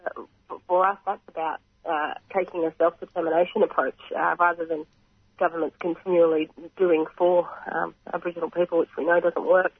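An Australian man with a croaky voice, earnestly explaining his organisation's work in a radio interview, pausing often and clearing his throat. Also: on the high side, little pitch movement, no room sound. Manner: earnest, measured, frequent pauses and throat clearing. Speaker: reconciliation organisation representative. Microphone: phone line. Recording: tinny phone line, dry.

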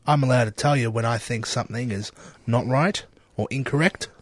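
Husky man thinking aloud. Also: medium pitch, fairly quick, dry recording. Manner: thoughtful, restates questions aloud. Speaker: co-host. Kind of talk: casual sports chat.

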